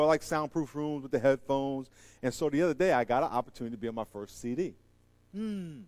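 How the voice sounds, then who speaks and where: A man preaching a sermon, animated and joking, swinging from loud emphatic lines to quiet asides. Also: mid-range voice, dry recording. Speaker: pastor.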